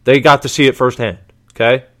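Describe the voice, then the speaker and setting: A man's voice: medium pitch, fairly quick. A man giving a casual, emphatic sports commentary monologue as a show host, full of rhetorical questions and repetition. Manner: animated, emphatic, repeats himself, rhetorical questions.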